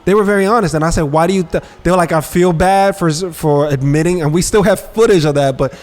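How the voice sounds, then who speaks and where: A man's voice: a little high, fast talker. A man co-hosting a casual podcast, telling stories and acting out quotes in street slang. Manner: animated storyteller, acts out quotes with street slang. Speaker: podcast co-host.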